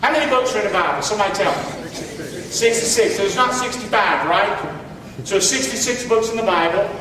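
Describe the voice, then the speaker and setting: A man's voice: high voice, a bit bright, slight background noise. A man pastor preaching a sermon, calling on the congregation to repeat words back. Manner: preaching with call-and-response to the congregation. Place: church hall. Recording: echoey hall from far off.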